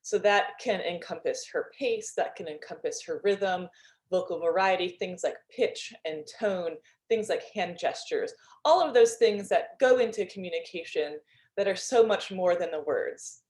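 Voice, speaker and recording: A woman's voice: lowish voice, expressive, normal speed, darkish tone. A woman leading an online club meeting as toastmaster, chatty and upbeat, talking over a video call. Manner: chatty, upbeat, with fillers and laughs.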